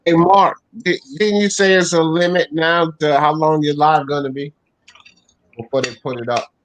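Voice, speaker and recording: A man hosting a casual boxing call-in live stream, briskly calling on people and thanking viewers. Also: on the high side, steady tone, a bit bright, a little hiss or hum, low-quality recording. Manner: brisk, calls on people, acknowledges donations. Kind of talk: casual call-in talk show.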